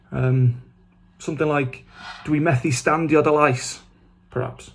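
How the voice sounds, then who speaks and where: A man's voice: on the high side, fairly even intonation, measured pace, vocal fry, long pauses. A man teaching language in a scripted but casual lesson, with dry, self-mocking humour, saying phrases and then explaining them in English. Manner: switches between Welsh phrases and English glosses.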